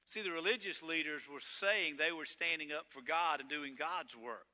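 A man preaching a sermon as pastor, swinging between loud emphatic lines and hushed ones. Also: on the high side, normal speed, long reverb tail.

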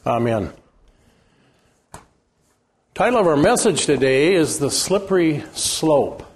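A man's voice: fairly high pitch, expressive, normal speed, a little hiss or hum. An older man giving a sermon in a church, folksy and rambling, with many fillers and restarts. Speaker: guest preacher. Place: church sanctuary.

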